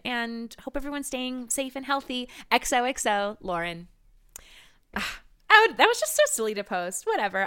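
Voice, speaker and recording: A woman's voice: fairly high pitch, a bit bright, clean tone. Woman doing a gushing, chirpy young mom. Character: overly sweet young mother posting online. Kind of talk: comedy improv of social media posts.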